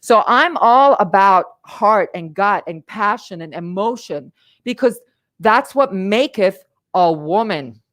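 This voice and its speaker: A middle-aged woman speaks to her livestream audience in a passionate, emphatic talk. She repeats words for weight and pushes her points with feeling, in an ordinary mid-pitched woman's voice picked up by a webcam mic. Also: animated, slow, a bit bright. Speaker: life coach and livestream host. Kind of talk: live-streamed motivational talk.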